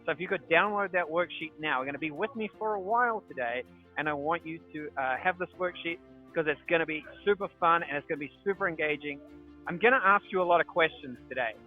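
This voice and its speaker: A man's voice: fairly high pitch, fast, narrow, tinny audio, soft background music. A man with a New Zealand accent presenting a live webinar as a real estate marketing coach, upbeat and salesy with self-joking asides. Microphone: livestream.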